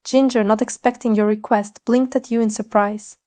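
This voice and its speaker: A woman reading a fan story aloud in a calm, even manner. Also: on the high side, normal speed, no echo. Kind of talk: storytelling narration.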